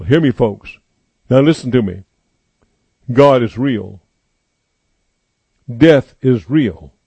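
A male preacher delivering a sermon, repeating his points slowly and with emphasis. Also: mid-range voice, dark tone, husky, dry recording. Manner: slow emphatic repetition, declaring.

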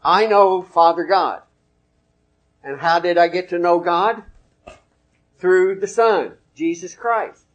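Slowly, with long pauses, a male preacher gives a relaxed, folksy sermon in a conversational tone, quoting chapter and verse along the way. His voice is fairly high for a man, and the recording sounds muffled.

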